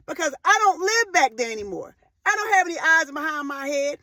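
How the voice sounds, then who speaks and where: In her forties, a woman gives a faith-based motivational talk, her high, ringing voice expressive and fairly quick. She drives repeated phrases home with fervent emphasis and rises into loud, emotional outbursts. The recording is close and dry, with no room echo.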